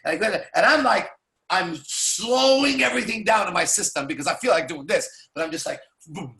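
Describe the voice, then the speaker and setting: A man telling profane, animated stories to a small audience as a seminar speaker. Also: sits high, a little fast, gravelly, echoey room. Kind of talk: storytelling to a live audience.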